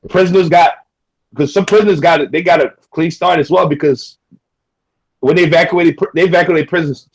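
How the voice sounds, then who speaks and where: A man's voice: a little high, fairly even intonation, fairly quick, breathy edge, rough recording. A man from Louisiana chatting casually over a video call, rambling and repeating himself in slangy talk.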